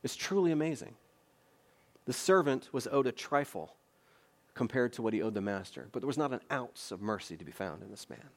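A man's voice: mid-range voice, expressive, a little fast. A man preaching a sermon as pastor, earnest and emphatic, with repeated phrases and conversational rhetorical questions.

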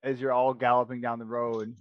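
A man's voice: mid-range voice, little pitch movement, brisk, dry recording, lo-fi sound. A man running a tabletop role-playing game, narrating the scene to his players in a loose, conversational way. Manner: conversational, with frequent restarts. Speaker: game master.

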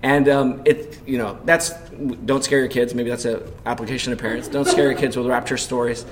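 A man's voice: mid-range voice, steady tone, a little fast, heavy background noise. A man preaching a sermon as pastor, telling a personal story in a conversational way and asking the congregation questions. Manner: storytelling with loud acted panic in quotes.

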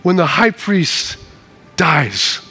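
A man preaching a sermon in church, swinging from hushed, slow lines to loud, acted-out shouts. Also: on the high side, sing-song, breathy edge, faint music behind. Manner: acts out scenes in the voices of people in the story. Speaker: pastor.

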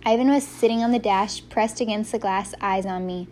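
A woman reading a first-person story aloud as an audiobook narrator, giving the characters lively voices. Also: medium pitch, a little fast, a little hiss or hum.

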